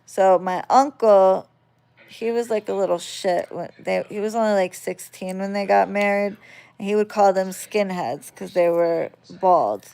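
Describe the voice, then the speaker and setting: Slow, gravelly woman telling a story. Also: medium pitch. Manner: swears freely, animated when retelling. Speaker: vlogger. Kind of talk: casual storytelling.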